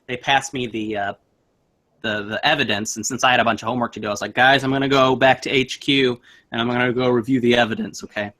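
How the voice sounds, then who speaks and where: A man's voice: mid-range voice, fast talker. A young man casually telling a spooky story, acting out the voices in it. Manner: animated, acts out voices in his story.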